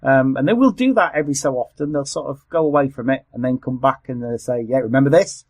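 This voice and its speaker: A man hosting a podcast, chatting casually about old adverts, sardonic and prone to swearing, with quiet mumbled asides. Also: mid-range voice, fast talker, dry recording. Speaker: podcast host. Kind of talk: casual chat.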